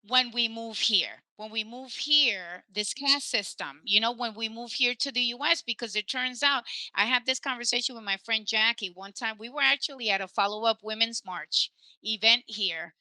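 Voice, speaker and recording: A woman's voice: a little high, moderate pace, sharp tone, no echo, poor audio. A woman hosting a casual podcast conversation, telling stories animatedly and dropping in Spanish phrases. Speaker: podcast host.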